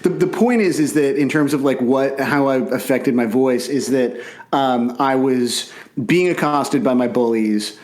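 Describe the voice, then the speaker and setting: A man's voice: mid-range voice, a little slow, a little mellow. A man in his thirties from Canada co-hosting a casual podcast over a call, rambling, self-deprecating and swearing often. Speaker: podcast co-host. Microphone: remote call mic.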